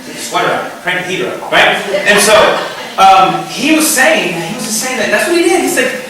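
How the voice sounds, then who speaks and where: A man preaching a sermon as pastor, talking in an animated, casual way and acting out the voices he quotes. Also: high-pitched, a little fast. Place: church sanctuary. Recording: very echoey hall, from far off.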